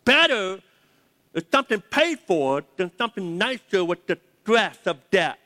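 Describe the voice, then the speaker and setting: A man's voice: high-pitched, sing-song, a little slow, pushed and bright. A man preaching a sermon as pastor, emphatic, repeating key words and leading the congregation to say them aloud. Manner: leads the audience to say words aloud. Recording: long reverb of a large hall.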